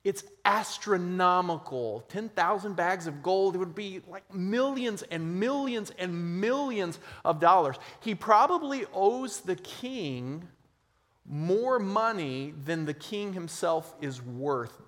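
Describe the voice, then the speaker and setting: A male pastor delivers a sermon in an emphatic style, pressing some phrases loudly and dropping others to a hush. His voice sits high for a man. It carries with a long reverb, as in a large church hall. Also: animated, takes it slowly. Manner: emphatic preaching, swinging between loud stress and quiet.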